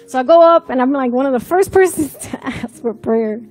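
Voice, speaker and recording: High-voiced woman telling her story. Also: a little fast. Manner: animated storytelling, acts out quoted dialogue. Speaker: testimony speaker. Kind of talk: personal testimony.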